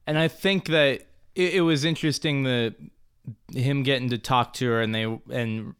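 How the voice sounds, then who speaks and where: Young male co-host, easygoing and unhurried, mid pitch, casual chat. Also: smooth. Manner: relaxed, halting, many fillers. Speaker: podcast co-host. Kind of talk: casual movie review chat.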